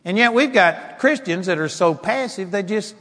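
A man preaching a sermon with passion, building to shouts and mocking timid prayers in a whiny voice. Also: sits high, expressive, moderate pace. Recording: long hall reverb.

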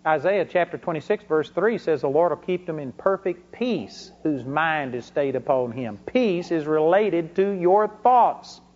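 A man's voice: fairly high pitch, animated, a little slow, hardly any pauses, darkish tone. A man preaching a sermon, telling folksy stories from his ministry and rising into bursts of emphasis. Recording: dull lo-fi recording.

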